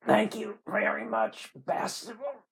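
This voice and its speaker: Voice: mid-range voice, takes it slowly, creaky, slightly rough, voice pushed up, full character voice. Storybook bit: a reader playing a dying, worn-out Southern man, weak and slurred, reedy tone. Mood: weary. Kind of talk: hobby storybook reading.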